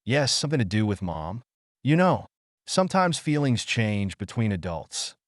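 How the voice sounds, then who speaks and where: A man voicing a heartbroken father who speaks softly and painfully to his young daughters in an audio story. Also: on the low side, very animated, moderate pace, no echo, studio quality. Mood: pained, gentle. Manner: soft and pained.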